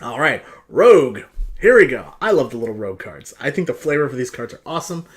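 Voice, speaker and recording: A man reviewing game cards, venting with casual profanity. His pitch leaps up and down as he rants, lively and unguarded. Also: a little fast. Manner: animated, profane, ranting.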